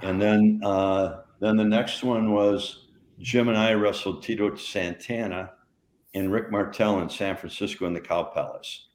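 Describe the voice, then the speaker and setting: A man's voice: fairly low pitch, steady tone, unhurried, a little mellow, roomy sound, a little hiss or hum. An older man and retired wrestler, co-hosting a podcast and telling rambling anecdotes in a casual chat. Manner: rambling anecdotes, lots of restarts and laughs.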